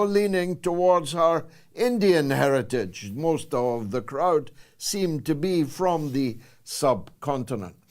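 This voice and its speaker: A Scottish man in his sixties hosting a political talk show, delivering a sarcastic, emphatic monologue with dramatic pauses. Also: on the high side, a little mellow. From Scotland. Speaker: host.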